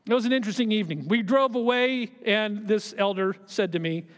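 A middle-aged man, a pastor, preaching a sermon and telling a personal story, moving between quiet asides and emphatic raised lines. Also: sits high, a little fast. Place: church sanctuary. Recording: long hall reverb of a church.

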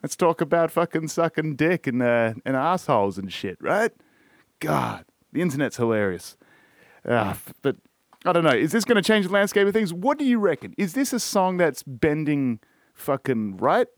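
A man's voice: medium pitch, dry recording, studio quality. An Australian man hosting a podcast, talking casually and rambling, swearing constantly and trailing off with shrugging asides. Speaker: podcast host. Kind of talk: casual solo podcast monologue.

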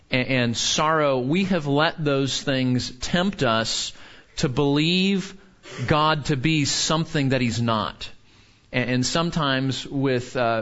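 A man teaches from the Bible in a conversational, earnest way, stumbling over his restarts as he goes. His voice sits at an ordinary middle pitch. The recording sounds slightly dull and lo-fi. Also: a bit bright. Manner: earnest, frequent restarts and filler words. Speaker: pastor.

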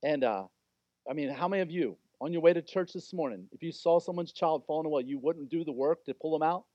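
A man's voice: on the high side, fast talker, no echo, highs cut off. A man preaching a sermon as pastor, talking in an informal, conversational and emphatic way.

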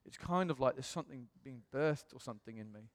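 A man preaching, telling a personal story with animated delivery and self-mocking humor, acting out what others said. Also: mid-range voice, fast. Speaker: pastor. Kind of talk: personal testimony sermon. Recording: long reverb in a hall.

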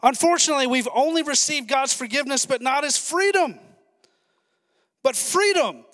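A male pastor preaching a sermon with excited, fast-talking energy and asides to the congregation. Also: very high-pitched, big-room sound.

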